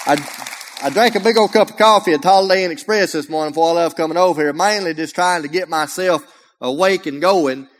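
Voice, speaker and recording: A man's voice: on the high side, fairly quick, a faint crowd, a little hiss or hum. Folksy Alabama man preaching in a church. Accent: Alabama Southern US. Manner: humorous, folksy, energetic, often raises his voice. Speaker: guest preacher. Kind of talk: folksy sermon. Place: church sanctuary. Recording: long church reverb.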